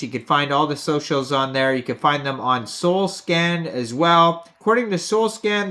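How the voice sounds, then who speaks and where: A man's voice: a little high, bright, forceful tone. A man hosting a crypto video, casually walking through web pages and reading out figures with frequent "uh" fillers. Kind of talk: casual screen walkthrough narration.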